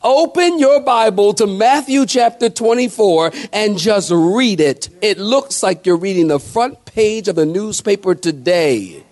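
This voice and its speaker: A male pastor preaching a sermon in a folksy, animated way with quick asides to the congregation. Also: high voice. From not from the American South.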